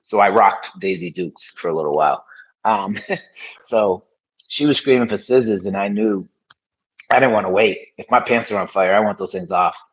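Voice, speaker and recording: A man's voice: on the low side, normal speed, breathy edge, rough recording. A man as a podcast guest, telling his story in frank, casual conversation with many fillers.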